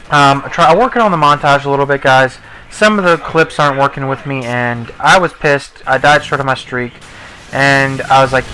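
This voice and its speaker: A young man giving casual, rambling commentary over his gameplay, joking and breaking into excitable outbursts. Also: mid-range voice, a little fast, a little hiss or hum, poor audio. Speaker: gaming commentator.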